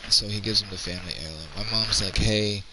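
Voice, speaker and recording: A man's voice: lowish voice, fast, background noise. A man in his thirties telling a rambling, profane story in casual chat. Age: 30s.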